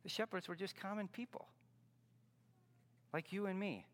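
A man's voice: sits high, normal speed. Man preaching a sermon in a reverberant hall. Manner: earnest, teaching, rising to emphatic stresses. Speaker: pastor.

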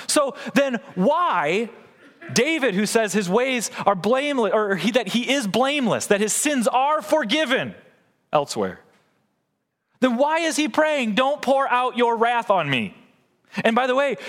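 A man's voice: sits high, a bit bright, in a large hall. A man preaching a sermon in a church, earnest and posing questions to the congregation. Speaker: pastor. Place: church sanctuary.

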